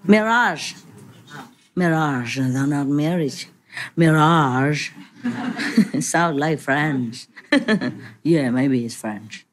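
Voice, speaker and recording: A woman's voice: deep voice, expressive, drawn-out words, long pauses, a little hiss or hum. A woman, a spiritual teacher, telling jokes and chuckling through loose asides.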